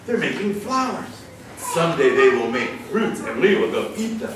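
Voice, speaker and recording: A man voicing a kind, wise old grandmother turtle, speaking gently and reassuringly. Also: fairly high pitch, very animated, normal speed, a crowd in the background. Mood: gentle. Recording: echoey hall from far off, noisy.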